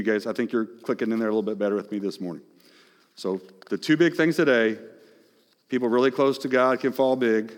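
A male pastor preaching a sermon, swinging between hushed, soft phrases and loud, emphatic ones. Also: lowish voice. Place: large church hall. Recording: long echoing hall reverb.

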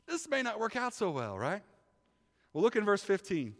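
A man preaching a sermon, telling a Bible story with lively acted-out voices and shifts from loud to hushed. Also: a little high, normal speed. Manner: animated storytelling, acting out biblical figures. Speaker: pastor. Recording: long hall reverb.

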